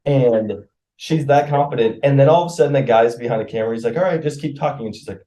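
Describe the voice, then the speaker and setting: A man co-hosting a casual podcast with his wife, joking and telling quick stories. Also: mid-range voice, mellow. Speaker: podcast co-host. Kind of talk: casual chat.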